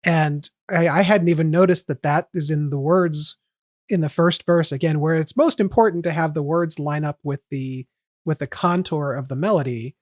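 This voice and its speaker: Here a man hosts a podcast, casually analyzing a song's melody one step at a time. He speaks at a moderate pace in a fairly high, darkish voice. The sound is dry and clean, like a studio.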